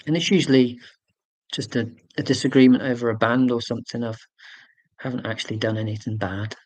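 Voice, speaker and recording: A man's voice: medium pitch, fairly even intonation, brisk, a little mellow, no room sound, poor audio. A man in his forties hosting a casual live stream. He rambles chattily, answering viewer comments with fillers and self-corrections. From United Kingdom.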